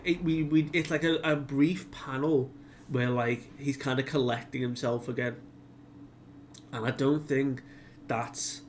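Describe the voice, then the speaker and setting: A man's voice: mid-range voice, slight background noise. A man hosting a casual comic chapter recap, chatty and full of fillers, who acts out the characters' lines. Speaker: manga discussion video host.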